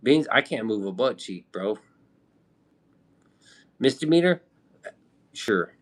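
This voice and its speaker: A man's voice: on the low side, animated, takes it slowly. A man from the Midwest chatting casually on a live stream, rambling with loose slang and casual swearing. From American Midwest.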